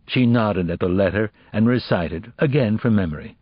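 A man narrating an audiobook in a measured storytelling manner. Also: low voice, breathy edge, no room sound. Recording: dull, dry audiobook recording.

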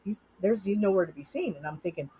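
A woman's voice: mid-range voice, animated, fast, dark tone, slightly rough, poor audio. A middle-aged woman from Utah, a hypnotist guest in an interview, telling a personal story with animation and acting out her own thoughts. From Utah, USA.

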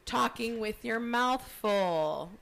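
Casting: woman co-host, casual crude banter, lively pitch, lots of laughing, loud crowd noise behind. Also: slow, gravelly. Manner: chatty, laughs often, crude humor. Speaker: podcast co-host. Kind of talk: casual chat.

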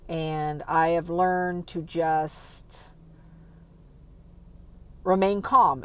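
A woman telling a personal story in a vlog, soft-spoken and halting, with sighs between thoughts. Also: on the low side, no room sound, poor audio. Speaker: vlogger.

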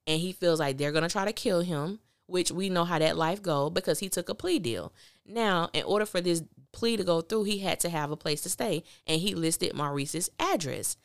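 A woman hosting a podcast, giving a casual and opinionated recap of a TV drama with lively, animated delivery. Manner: animated, opinionated, quick swings of pitch.

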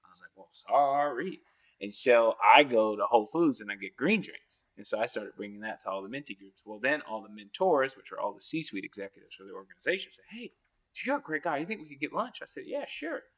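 Animated storytelling man, plain mid voice. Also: a little fast. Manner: animated, acts out quoted voices with big pitch jumps; laughs often mid-story. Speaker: podcast guest. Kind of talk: casual storytelling.

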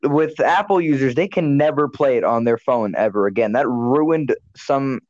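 A man's voice: medium pitch, moderate pace, darkish tone, no room sound. A man hosting a casual podcast chat, rambling and blunt, often correcting himself mid-sentence. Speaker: podcast host. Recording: dull lo-fi sound.

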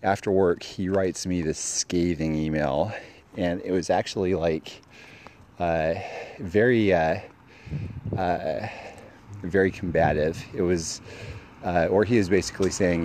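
A man with a very deep voice tells a personal story in a loose, casual way. He rambles, stops to restart, and fills the gaps with lots of "uh" and "um". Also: steady tone, a little slow, a little mellow, a little hiss or hum. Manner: rambling with many fillers, mimics other voices.

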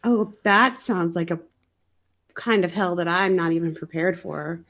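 A woman's voice: on the low side, a little slow, fairly bright tone. Podcast co-host, female, slightly sick-sounding voice, wry chatty movie recap. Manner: chatty, wry, laughs often. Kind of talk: casual chat recapping a movie.

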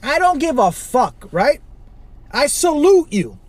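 A man from Chicago hosting a podcast, ranting alone with constant swearing, rhetorical questions and sudden loud outbursts. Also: extremely high pitch, big pitch swings, takes it slowly, no echo. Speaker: podcast host. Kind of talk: profane solo rant.

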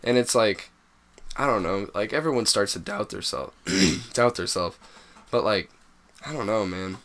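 A man's voice: on the low side, animated, measured pace, a bit bright. A young man chatting casually as a co-host, rambling and filling his talk with "like". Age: young adult. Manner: loose, rambling, says "like" a lot. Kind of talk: casual chat.

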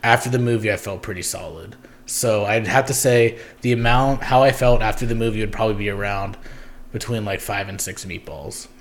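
Rambling young man, slightly low voice. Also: brisk. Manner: rambling, giggly, many ums. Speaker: podcast host. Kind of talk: casual podcast chat.

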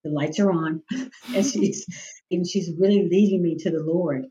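A woman with a fairly low speaking voice shares personal faith experiences as a podcast guest. She tells her stories vividly and acts out what other people said. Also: a little slow, dark tone. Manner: vivid storyteller who acts out quoted voices. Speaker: guest, executive director of a nonprofit.

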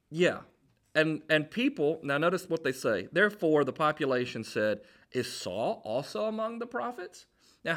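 Male preacher, slightly high voice, very lively pitch, playful storytelling sermon. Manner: animated, jokey storytelling with acted-out quotes.

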